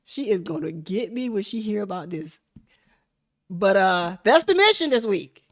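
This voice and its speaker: A woman hosting a casual livestream, chatting and laughing with viewers in an animated, hyped-up way. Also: medium pitch, moderate pace. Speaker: livestream host.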